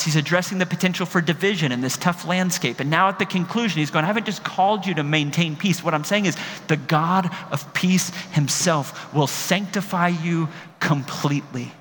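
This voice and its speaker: A man's voice: a little high, fairly bright tone, big-room sound. A man preaching a sermon as a pastor, emphatic and building to impassioned peaks, speaking in a large room.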